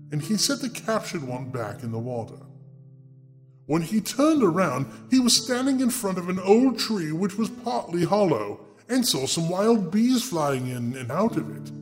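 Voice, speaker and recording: A high, animated male voice reading an old fairy tale with dramatic flair. Between passages he drops into sardonic asides that mock the story. Soft guitar music plays in the background. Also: normal speed. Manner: sardonic, mocking asides to the listener. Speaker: storyteller host.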